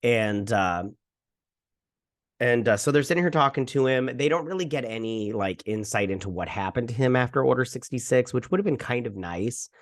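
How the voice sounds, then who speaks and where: A male video host with a mid-range, expressive voice talks at a normal speed. He casually recaps and reviews an episode, rambling loosely and filling his speech with fillers.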